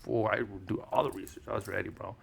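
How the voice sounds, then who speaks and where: A man's voice: fairly low pitch, fast talker, creaky, slightly rough. A man in his thirties whose first language is Spanish, telling stories animatedly in casual podcast chat, slangy and swearing, acting out what people said. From Mexican-American, Southern California. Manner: animated storyteller, slangy, swears, acts out quotes. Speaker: podcast guest.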